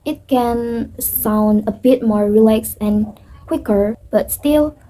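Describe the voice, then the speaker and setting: A young woman with an Indonesian accent reads out her pronunciation feedback for a class presentation, pausing often with fillers. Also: on the high side, dark tone, low-quality recording. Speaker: student presenter.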